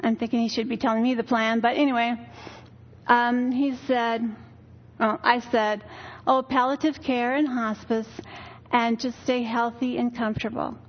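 A woman's voice: a little high, flat delivery, normal speed, muffled recording. An older woman giving a weary, earnest personal testimony in church, telling her story candidly. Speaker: church speaker.

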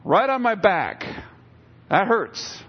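A middle-aged male pastor preaching with a slightly high voice. He talks to the congregation in a loose, conversational way and acts out bits of dialogue. The sound is dull and lo-fi. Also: sing-song, slow pace, slightly rough. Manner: conversational preaching with acted-out quotes. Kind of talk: sermon.

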